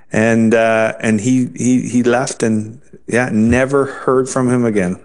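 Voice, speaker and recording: A man telling his conversion story in an interview, earnest and halting, often restarting his sentences. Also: medium pitch, flat delivery. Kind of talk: personal testimony in an interview.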